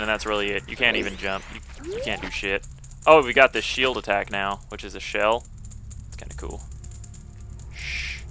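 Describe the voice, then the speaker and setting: Young male let's-player, lively and bright, crude jokey commentary. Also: medium pitch, a little hiss or hum. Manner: casual, joking, crude. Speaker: video game player.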